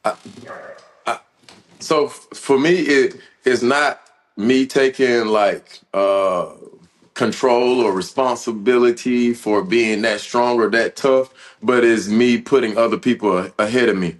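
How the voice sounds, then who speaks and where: A man in his thirties, a former football player, telling an emotional personal story as a podcast guest, earnest and halting, with restarts and fillers. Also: medium pitch.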